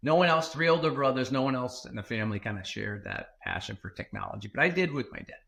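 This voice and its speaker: A man who is a former tech executive, telling a story as a podcast guest in an animated way, with fillers and self-corrections. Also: medium pitch, quick pace, gravelly.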